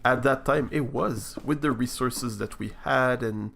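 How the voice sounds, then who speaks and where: A man's voice: medium pitch, unhurried, gravelly, fairly bright tone. A man streaming a building game, talking over his play in a hesitant, reflective way with many restarts. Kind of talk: casual live-stream chat while building.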